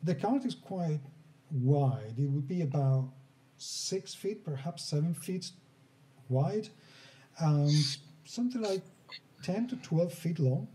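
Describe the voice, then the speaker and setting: Slow, mellow-voiced male game master. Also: a little high, expressive. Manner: unhurried descriptive narration with restarts. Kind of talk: narrating a tabletop game.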